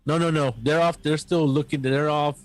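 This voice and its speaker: A man narrating as game master of a tabletop role-playing game, halting and full of fillers. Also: fairly high pitch, fairly even intonation, no room sound. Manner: halting, filler-heavy narration with quick voices for NPCs.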